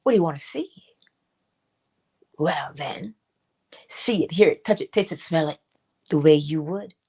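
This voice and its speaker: Middle-aged female host, low-pitched, theatrical and insistent, spiritual pep talk. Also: breathy edge. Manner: expressive, swings between high acted asides and low soft remarks; repeats and exhorts, drawn-out emphasis. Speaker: host of a morning inspiration stream.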